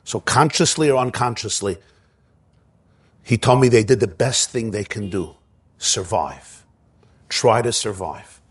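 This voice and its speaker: A man's voice: fairly low pitch, unhurried, long pauses, breathy edge. A man preaching a sermon in an impassioned, repetitive storytelling manner.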